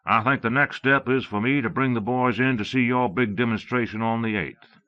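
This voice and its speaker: A man's voice: mid-range voice, moderate pace, dry recording, pitched above the performer's own voice, natural voice. A man voicing a burly, bluff army colonel who talks in a big, friendly way. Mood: genial. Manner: big, friendly, smooth-talking. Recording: dull lo-fi cassette audio.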